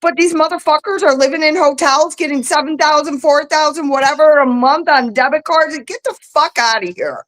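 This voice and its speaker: A woman's voice: sits high, normal speed, hardly any pauses, a bit bright, rough recording. Fired-up, profane woman ranting on a call. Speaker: guest. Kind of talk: heated political chat on a livestream.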